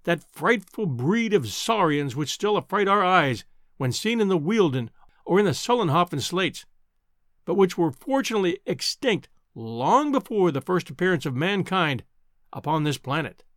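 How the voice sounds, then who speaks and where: A man doing a stern, sharp-tongued lecturer. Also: sits high, big pitch swings, moderate pace, no echo, studio quality. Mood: lecturing. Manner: crisp, lecturing, indignant.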